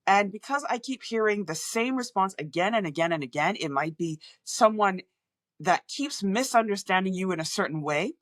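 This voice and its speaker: Woman with an international accent, audiologist turned communication coach, pitch swings widely, dry close mic, acts out quotes. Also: normal speed, no echo. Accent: international, often mistaken for American. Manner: animated, acts out patients' remarks in voices. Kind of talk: direct-to-camera talk.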